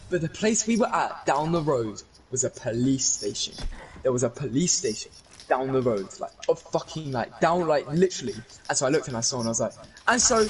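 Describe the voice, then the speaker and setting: A young man, excitedly telling a story to friends in a casual, swearing, rambling way. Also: a little high, a little hiss or hum. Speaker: gaming channel host. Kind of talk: animated storytelling chat.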